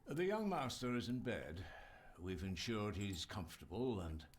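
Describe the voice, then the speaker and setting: An actor playing a loyal, reserved old butler who speaks formally and deferentially in an adventure game. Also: male voice, lowish voice, very animated, moderate pace, a little hiss or hum.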